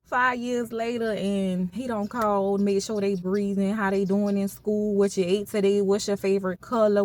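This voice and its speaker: Emphatic woman vlogger talking straight to viewers. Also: medium pitch. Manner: emphatic, repeats herself, asks viewers "do you hear me"; slang-heavy, slows down on key phrases. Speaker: spiritual vlogger. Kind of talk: casual monologue to viewers.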